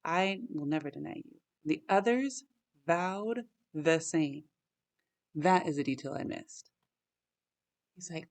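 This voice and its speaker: A woman with a low, gravelly voice hosts a relaxed Bible chat, reading passages aloud and then breaking off to share what struck her. She talks in an eager, chatty way, full of "like" and "right?", often wondering aloud. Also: slow pace, pauses often. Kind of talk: casual Bible study chat with scripture reading.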